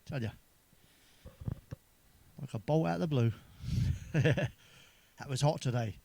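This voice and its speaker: A man's voice: a little high, takes it slowly, creaky, warm tone. A man telling crude jokes in a sweary monologue, chuckling at his own punchlines. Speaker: stand-up comedian.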